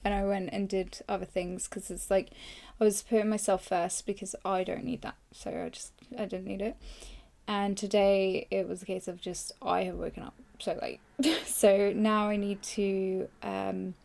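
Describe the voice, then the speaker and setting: A young woman hosting a podcast, hoarse and tired, rambling through a casual live journaling session close to the mic. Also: medium pitch, little pitch movement, moderate pace, a little mellow. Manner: rambling, filler-heavy, self-deprecating. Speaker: podcast host. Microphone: close microphone.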